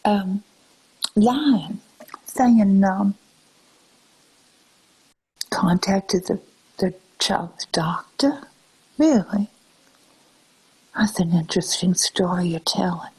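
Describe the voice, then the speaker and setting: An older woman chatting on a live stream, answering viewers in a soft, musing, often half-whispered way. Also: medium pitch, very slow, pauses often, breathy edge, poor audio.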